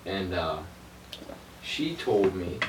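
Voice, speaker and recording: Lower-voiced male guest with lively intonation, distant and echoey, noisy room. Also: drawn-out words. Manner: animated, conversational. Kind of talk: casual storytelling.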